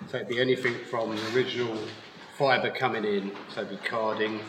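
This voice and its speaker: A man's voice: lowish voice, steady tone, a little fast. A man who owns a wool mill, explaining his work with an easygoing manner and frequent laughs in a live podcast interview. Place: live at a yarn festival. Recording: roomy live festival recording, faint noise.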